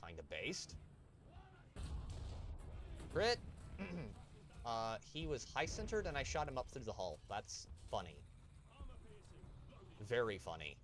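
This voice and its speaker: A man's voice: mid-range voice, very animated, slow pace, pauses often, fairly bright tone. A man streaming a tank game, chatting and joking with his viewers while he plays. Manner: chatty, jokey asides to chat. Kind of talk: live gameplay commentary.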